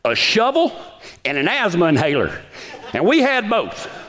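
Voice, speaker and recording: A man's voice: sits high, huge pitch swings, moderate pace, fairly bright tone. A man telling a folksy story in a sermon, often asking the audience questions. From Texas.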